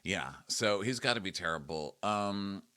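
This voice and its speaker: Deep, lively-voiced man chatting. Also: crowd noise. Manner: animated, breaks into quick high impressions. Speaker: podcast co-host. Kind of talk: casual chat.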